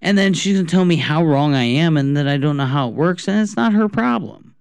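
A male podcast co-host in a ranting, exasperated mood, swinging his voice up and down with a lot of expression. His voice sits a bit high for a man, and the recording is dry and close. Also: expressive, fairly quick, a little mellow, clear, resonant tone, no room sound. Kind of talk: casual comedic banter.

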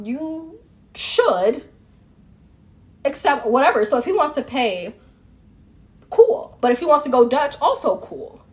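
Opinionated woman with rhetorical questions. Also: fairly high pitch. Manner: opinionated, rhetorical questions, addresses listeners as ma'am. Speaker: relationship commentator. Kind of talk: casual opinion monologue to camera.

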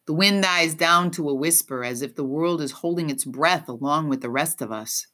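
A woman narrating an audiobook in the first person with expressive, unhurried storytelling. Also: low-pitched.

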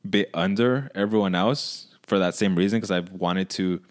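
A man's voice: sits low, moderate pace. A man co-hosting a podcast, chatting casually and laughing along with short reactions. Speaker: podcast co-host. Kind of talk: casual chat.

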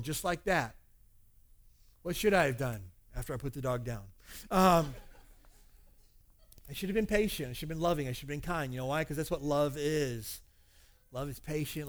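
Candid preaching man, slightly high voice. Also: a bit bright. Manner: candid, conversational preaching with personal anecdotes. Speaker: pastor. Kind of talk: evening sermon to a congregation. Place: church service.

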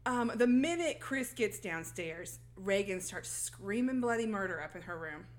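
A woman's voice: medium pitch, lively intonation, normal speed. A woman co-hosting a podcast, telling a film's story in casual chat and acting out the characters' lines. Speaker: podcast co-host recapping a film.

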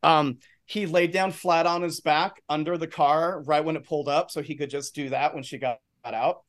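A male podcast co-host with a fairly high voice, spinning a rambling anecdote full of asides and swearing. The sound is dry and close, from a studio mic. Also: fairly even intonation, normal speed, no echo. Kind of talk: casual storytelling chat.

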